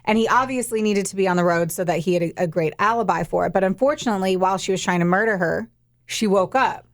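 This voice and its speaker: A woman's voice: mid-range voice, fast talker. A young woman co-hosting a podcast, retelling a true-crime case in casual, profane, emphatic chat. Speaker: podcast co-host.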